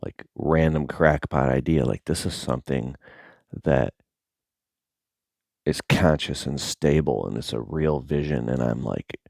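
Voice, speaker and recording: Very deep, gravelly man talking casually. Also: measured pace, a little mellow, no echo, studio quality. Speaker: content creator. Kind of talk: casual monologue to camera.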